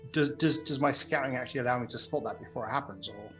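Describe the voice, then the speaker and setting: A man's voice: mid-range voice, fast talker, a bit bright, soft background music. A man playing a tabletop game, asking questions about the rules in a casual way. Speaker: player.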